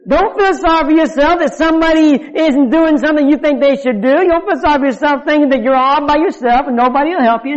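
A male preacher with a very high voice, delivering a fervent sermon that swings from loud to hushed. The recording is dull and lo-fi. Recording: dull lo-fi sound.

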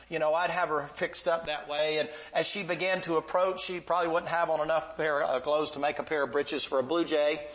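A man's voice: a little high, fairly bright tone, poor audio. A man preaching a sermon, telling a vivid Bible story in a folksy, emphatic way.

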